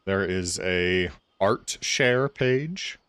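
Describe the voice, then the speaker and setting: A man's voice: low-pitched, expressive, extremely slow, fairly bright tone, clean tone, no room sound. A man streaming a game, chatting casually and rambling with his viewers. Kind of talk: casual livestream chat.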